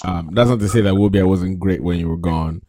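A man's voice: sits low, fairly quick, warm tone, no echo, clean studio sound. A man hosting a casual podcast chat, teasing his co-hosts and laughing often. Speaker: podcast host.

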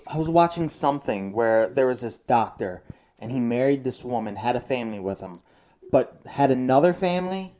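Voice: medium pitch, warm tone. A podcast co-host chatting casually, wry and questioning, telling stories.

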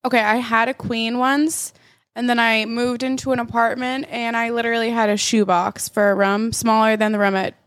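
A woman's voice: a little high, flat delivery, normal speed, a bit bright, no room sound, studio quality. A young woman co-hosting a casual chat, laid-back and giggly, swearing freely. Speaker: podcast co-host.

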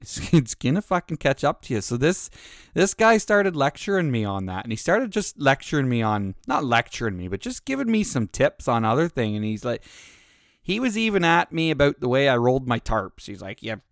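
A man's voice: mid-range voice, very animated, fairly quick, no echo, clean studio sound. A man who drives trucks telling a rambling, profane anecdote in a casual way.

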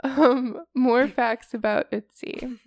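Woman podcast co-host, tired, rambling storyteller, gravelly voice, dry sound. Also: on the high side, steady tone, slow, no echo. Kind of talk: casual chat.

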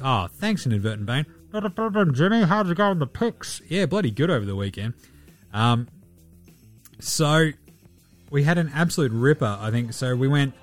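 A man hosting a sports podcast, running through betting picks in casual, profane, slang-heavy banter. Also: mid-range voice.

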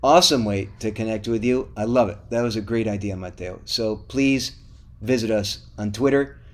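A man's voice: lowish voice, moderate pace. Middle-aged male podcast co-host, casual sign-off, eager and pleading. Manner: upbeat, pleading with listeners.

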